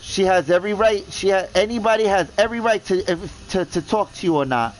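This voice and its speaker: A man's voice: high voice, brisk, a little hiss or hum, rough recording. A man ranting indignantly in casual commentary, swearing and repeating himself as he stumbles over words. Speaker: gaming vlogger.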